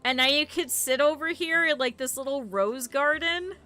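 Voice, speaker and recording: A woman's voice: high-pitched, moderate pace, pushed and bright, soft background music. A woman streamer chatting casually to her viewers while playing, rambling into stories. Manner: chatty rambling storyteller, talks to chat. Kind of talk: casual game stream chat.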